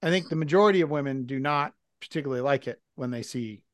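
A man's voice: mid-range voice, quick pace, no room sound. Candid man with a dry close voice. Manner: candid, reflective, thinks aloud with restarts. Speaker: podcast co-host. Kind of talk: casual podcast chat.

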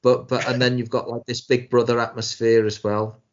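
A man chatting about television, tumbling over his words with lots of restarts and an exasperated edge. His voice sits at an ordinary middle pitch. The recording sounds dull and lo-fi. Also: flat delivery, moderate pace. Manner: rambling, frequent restarts, exasperated. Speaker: podcast co-host. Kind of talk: casual chat reviewing TV shows.

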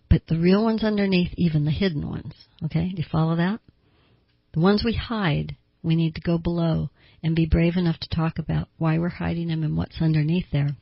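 Husky older woman hosting an advice show. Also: lowish voice, dry recording, lo-fi sound. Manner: earnest, asks listeners direct questions. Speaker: radio therapist host.

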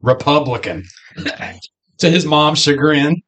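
A man's voice: a little high, slow, a bit bright. Chatty man discussing a film. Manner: chatty, acts out movie lines. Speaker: podcast co-host.

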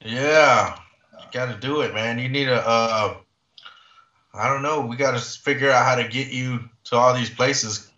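A man's voice: mid-range voice, fairly even intonation, moderate pace, pushed and bright. Laid-back male podcast host. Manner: laid-back, says man and bro. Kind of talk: casual podcast chat. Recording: roomy, dull lo-fi sound.

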